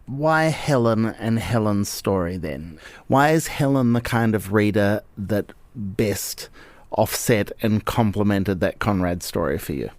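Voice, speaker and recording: A man hosting an interview, asking gentle, appreciative questions. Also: fairly low pitch, animated, unhurried, no echo. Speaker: podcast host.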